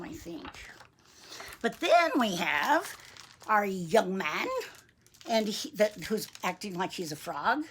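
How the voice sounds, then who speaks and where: A woman reading a picture book aloud to young children, gentle and chatty, asking them questions. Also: mid-range voice, lively intonation, slow pace, long pauses, slight background noise. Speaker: storybook reader for young children.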